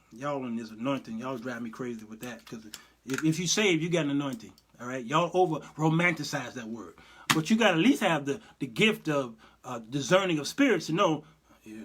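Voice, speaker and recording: Animated, high-voiced host chatting with viewers. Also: male voice, slight background noise. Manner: animated, laughs often, mimics others. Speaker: talk show host. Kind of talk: casual commentary show reading live chat.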